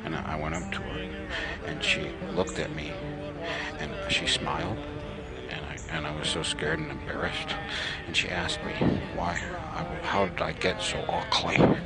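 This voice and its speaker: A man delivering a mournful, halting comedy monologue as a radio host. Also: extremely low pitch, level tone, vocal fry, loud music behind the voice.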